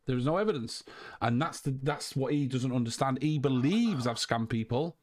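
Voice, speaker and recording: A man's voice: medium pitch, animated, normal speed, darkish tone. A man hosting a call, talking in a heated, emphatic way, swearing and repeating himself. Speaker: host. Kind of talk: heated casual call chat.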